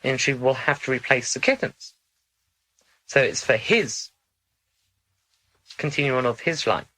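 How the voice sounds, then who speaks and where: A man speaking in a channeling session, measured and instructive, sometimes formal in phrasing. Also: medium pitch, pushed and bright, low-quality recording.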